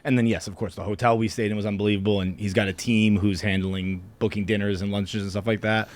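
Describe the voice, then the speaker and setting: Man, podcast guest, casual storytelling, laughing, high yelps in reenactments. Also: flat delivery, quick pace. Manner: laughing through a rowdy story, voice jumping high when reenacting yells.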